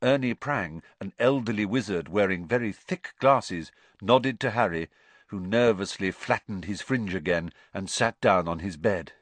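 A man narrating an audiobook in an expressive storytelling manner. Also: fairly low pitch, unhurried, no echo.

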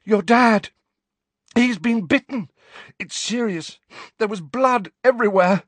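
Man reading as a frantic teenage boy, high and strained, panting, insistent, dry close sound. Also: takes it slowly, fairly bright tone, dry recording, exaggerated voice. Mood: panting, urgent.

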